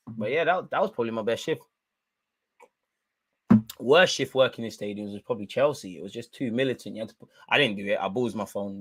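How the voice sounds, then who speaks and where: A man's voice: medium pitch, no room sound. A man in his twenties with a London accent, hosting a live football watchalong, full of banter and slang-heavy stories. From London, England. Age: 20s. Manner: animated storytelling in London slang. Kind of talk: live match commentary and banter.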